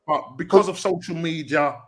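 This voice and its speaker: A man's voice: a little high, fairly bright tone, breathy edge. Chatty man with a lighter voice. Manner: chatty, quick back-and-forth with fillers. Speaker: podcast co-host. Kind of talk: casual football chat.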